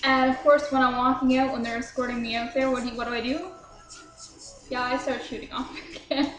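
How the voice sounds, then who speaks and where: A woman's voice: high-pitched, level tone, a little fast, reverberant, music in the background, poor audio. A young woman casually telling a drunk story to her viewers, chatty and swearing freely, laughing at herself. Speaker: vlogger.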